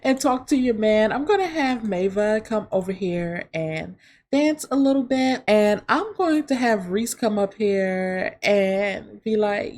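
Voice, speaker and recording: A woman's voice: mid-range voice, animated, unhurried, a little mellow. A woman hosting a let's play, chatting casually to viewers as she narrates a life-simulation game. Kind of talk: casual gameplay commentary.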